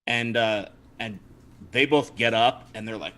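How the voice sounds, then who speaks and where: A man narrating as game master of a tabletop game livestream, lively with frequent restarts. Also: medium pitch, unhurried, slight background noise. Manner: lively, laughing, many restarts.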